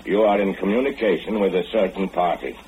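A man's voice: sits low, a little fast, slight background noise, close to an everyday voice. An actor playing a menacing, tall, fat gunman who speaks in a stiff, formal way, in 1940s radio acting. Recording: dull lo-fi old radio recording.

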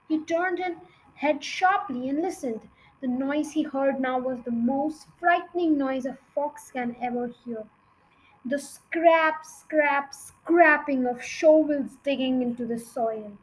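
A woman reads a children's storybook aloud with a high, bright voice. Her reading is expressive and dramatic. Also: slow pace, rough recording. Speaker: reader.

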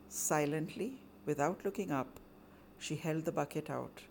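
A woman telling a story dramatically and with measured delivery. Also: sits low, gravelly. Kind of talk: oral storytelling performance.

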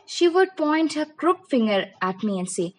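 A woman's voice: high-pitched, normal speed, poor audio. Woman reading a story aloud. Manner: expressive first-person storytelling. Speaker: narrator. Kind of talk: audiobook reading of a novel.

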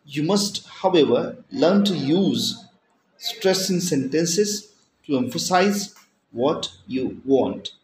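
A man giving a recorded lesson, speaking in slow, deliberate phrases with pauses between them. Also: on the high side, expressive, darkish tone, slight background noise. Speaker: teacher. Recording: echoey room with faint ambience.

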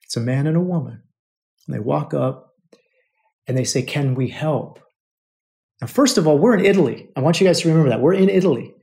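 Animated and quick, this American man has a slightly high, creaky, somewhat mellow voice. As a podcast host, he shares a personal story with emotion and lots of repetition, addressing his listeners as brothers.

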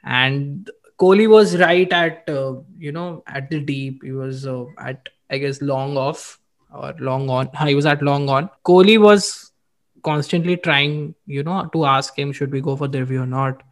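A man's voice: fairly high pitch, a little slow. A man with an Indian English accent co-hosting a casual cricket chat, slipping Hindi phrases into his English as he tells stories. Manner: mixes Hindi into English, animated storytelling. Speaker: podcast co-host.

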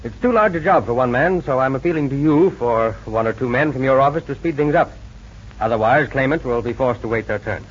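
An actor playing a calm, methodical male insurance investigator in a 1940s radio drama, speaking in a measured, businesslike way. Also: medium pitch, husky, close to an everyday voice. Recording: dull lo-fi old radio recording with faint hiss.

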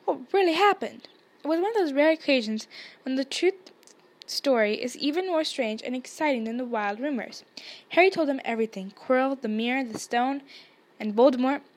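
A woman podcaster reading a novel chapter aloud in a steady storytelling manner, with small slips. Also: high voice, a little fast. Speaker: podcast reader.

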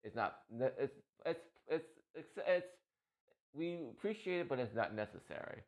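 A man's voice: a little high, expressive, moderate pace. A man streaming on Twitch, talking to his viewers in a rambling, heartfelt way, often repeating himself and getting emotional. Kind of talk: casual heartfelt talk to viewers. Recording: dull lo-fi stream mic.

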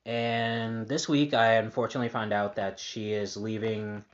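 A man's voice: on the low side, little pitch movement, moderate pace, highs cut off. A man hosting a casual personal podcast monologue, upbeat and rambling with lots of fillers and restarts. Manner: upbeat, positive. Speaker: podcast host.

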